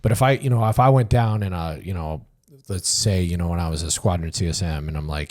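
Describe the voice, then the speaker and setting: A middle-aged man with a deep, low voice talks as a guest in a casual interview. He rambles comfortably through his stories with plenty of fillers and the odd curse. He often slips into quoted dialogue to act out the other people in them. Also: quick pace, a little mellow. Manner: loose and conversational, many fillers, acts out dialogue, swears. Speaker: podcast guest, retired army sergeant major.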